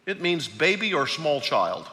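A man preaching a sermon as pastor, emphatic, swinging between loud peaks and quiet low lines. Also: big pitch swings, a little slow. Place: large church hall. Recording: long hall reverb.

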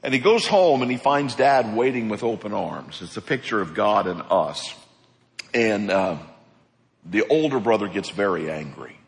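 Preaching to his congregation, a male pastor speaks in a lowish voice at a moderate pace, animated and slipping into the voices of the people in his stories. A long reverb rings through the church hall.

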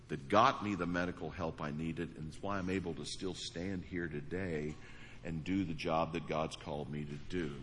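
A man preaching in a big church auditorium, his bright, forceful voice ringing with a long hall echo over a faint murmur of the room. His pitch sits on the low side, and he talks to the congregation in an earnest, conversational way, stumbling and restarting as he goes. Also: a little hiss or hum. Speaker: pastor. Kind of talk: sermon with prayer and altar call.

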